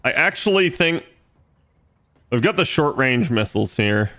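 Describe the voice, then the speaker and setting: A man with a bright, clear voice talks through his turns in a strategy game. His commentary is casual and explanatory, with the odd curse word, at an ordinary mid pitch. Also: unhurried. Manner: relaxed, explains his moves aloud, swears casually. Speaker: streamer playing a strategy game.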